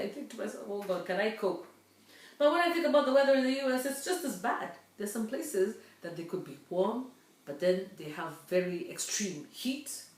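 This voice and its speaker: A woman's voice: mid-range voice, darkish tone. A woman in her fifties from Kenya, talking to her viewers in an earnest, chatty monologue. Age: 50s. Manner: earnest, chatty, with many fillers. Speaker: vlogger. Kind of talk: casual monologue. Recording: roomy echo, distant mic.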